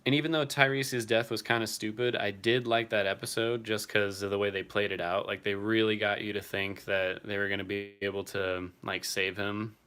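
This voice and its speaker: A man's voice: lowish voice, sharp tone, clean tone. A young man casually chatting on a livestream, answering viewers by name and swearing now and then. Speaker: streamer reading live chat.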